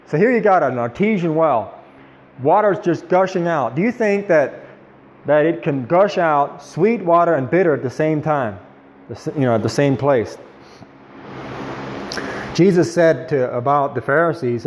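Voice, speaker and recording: A man leading an informal Bible study, chatting with the group and slowing down to quote scripture. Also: a little high, darkish tone, slight background noise. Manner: conversational, quoting scripture slowly.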